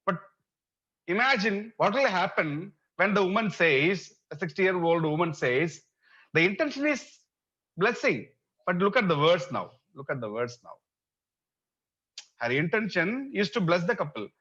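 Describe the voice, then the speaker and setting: A university lecturer teaches in a slightly high-pitched man's voice. He repeats his phrases, fills pauses with "uh" and keeps asking the class rhetorical questions. The sound is dull and lo-fi, as in a recorded online lecture. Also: very animated, fairly bright tone, breathy edge.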